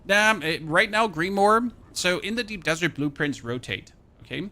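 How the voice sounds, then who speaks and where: A man's voice: high voice, animated, normal speed, sharp tone. A chatty man from Germany with a light German accent, streaming a game and rambling as he plays. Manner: chatty, rambling, thinks aloud while playing. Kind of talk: casual live-stream chat.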